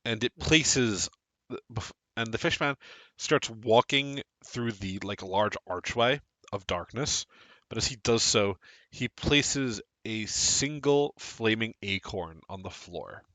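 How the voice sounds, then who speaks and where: A man runs a tabletop game, laying out the scene in slow, descriptive narration. His voice is bright and the recording is dry and close. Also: fairly low pitch, no room sound. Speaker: game master.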